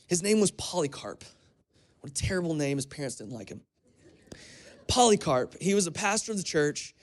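Male pastor, sermon delivery, fairly high voice, chatty storytelling that stumbles and restarts. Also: animated, normal speed, long pauses. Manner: conversational storytelling with repeated restarts.

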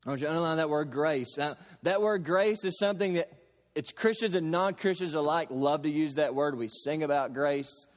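Reverb from a long hall follows every line as this pastor from Kentucky preaches. He draws on plain, homely examples, stressing his phrases slowly, in a voice that runs fairly high for a man.

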